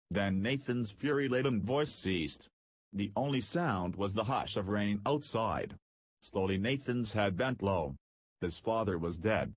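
A man narrating an audiobook in a measured storytelling manner. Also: on the low side, animated, husky, dry recording. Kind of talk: scripted narration.

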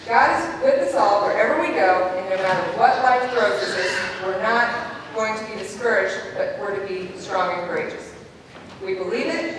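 Lively teacher lady telling kid stories, voice up and down a lot, big echoey hall, heard from far back. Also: mid-range voice. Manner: animated storytelling, acting out children's lines. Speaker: preschool teacher. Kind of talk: speech at a school program. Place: large hall at an evening event. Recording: echoey hall from far off, faint room noise.

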